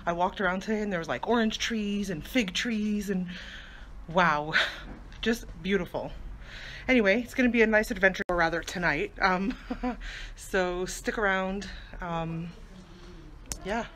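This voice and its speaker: A woman's voice: medium pitch, unhurried, long pauses, background noise. A woman chatting casually in a vlog, bubbly and giggly, often laughing as she talks. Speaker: vlogger.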